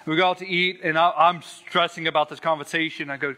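A man's voice: a little high, steady tone, a little fast, bright, forceful tone. A man earnestly telling his personal faith testimony, stressing words and repeating them for weight. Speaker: Christian sharing a testimony.

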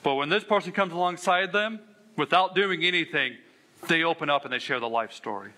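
A man's voice: fairly high pitch, brisk, pushed and bright. A man pastor preaching a sermon, telling a candid, self-deprecating story with earnest emphasis. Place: church sanctuary.

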